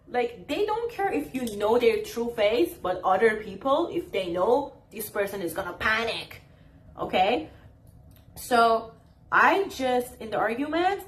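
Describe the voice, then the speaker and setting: A woman with giving advice straight to camera in a casual, emphatic way, repeating her phrases and acting out her own comebacks. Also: medium pitch.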